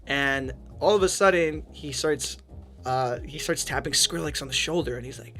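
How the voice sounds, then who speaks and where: Animated storytelling man, music behind. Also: fairly high pitch, moderate pace. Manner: animated anecdote-telling with laughs. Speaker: podcast co-host. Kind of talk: casual storytelling.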